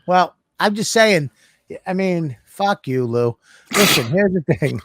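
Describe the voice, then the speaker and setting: A man's voice: sits high, fairly bright tone, no room sound, studio quality. A man co-hosting a casual comedy podcast, ranting with profanity and sarcasm. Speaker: co-host.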